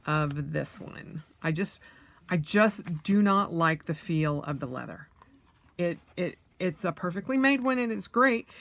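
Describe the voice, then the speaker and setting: A woman around forty talks through a casual unboxing at an unhurried pace, her voice a touch lower than most. She thinks aloud with plenty of fillers and breaks into excited squeals. A faint hiss of noise sits under the recording. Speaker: vlogger.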